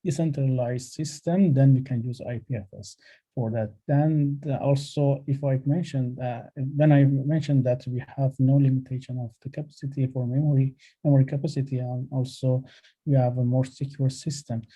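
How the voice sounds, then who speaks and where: A man on a webinar panel answering a question haltingly, with many fillers and restarts. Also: medium pitch, steady tone, dark tone, husky.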